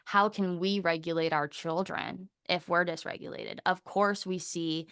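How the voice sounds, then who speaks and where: A woman's voice: on the low side, clear, resonant tone, dry recording, clean studio sound. A young woman from Canada, a guest speaker in a casual interview, telling stories with lots of "like" and acting out what others said. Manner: animated storyteller, acts out quoted dialogue; frequent "like" fillers, quick bursts.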